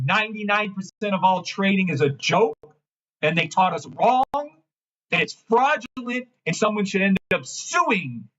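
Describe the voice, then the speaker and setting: A man hosting a trading livestream, ranting in a brash, mocking, profane way and swinging between loud outbursts and low mumbling. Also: dull audio. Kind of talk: live-stream rant and chart reading.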